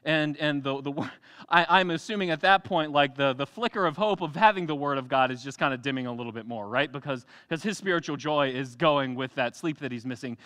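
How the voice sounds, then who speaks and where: A young adult man preaching a sermon in a church, telling the story with animated energy, acting out voices and laughing often. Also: on the high side, fairly quick, clean tone. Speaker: pastor.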